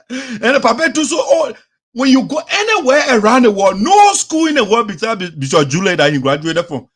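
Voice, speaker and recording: A man with a Liberian English accent and a high, light voice, delivering opinionated commentary as host. He talks with animation, drops into phrases of his local language, and imitates the people he is discussing. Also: sing-song, moderate pace, fairly bright tone, breathy edge. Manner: mimics the people he talks about.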